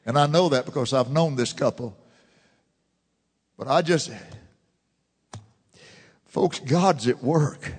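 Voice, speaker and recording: A fervent man preaching a sermon in a church, swinging from loud declarations to hushed murmurs. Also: medium pitch, animated, unhurried, long pauses. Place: church sanctuary. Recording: long church reverb.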